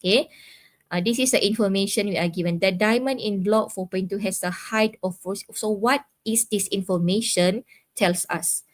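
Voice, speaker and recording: A woman's voice: medium pitch, normal speed, dry recording. A woman with a Malaysian English accent teaching a live online physics lesson, patiently explaining step by step with frequent "okay"s.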